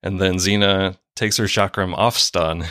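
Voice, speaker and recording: A man's voice: sits low, fairly even intonation, measured pace, pushed and bright, dry recording, studio quality. A man co-hosting a podcast, laid-back and laughing easily in casual chat. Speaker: podcast co-host.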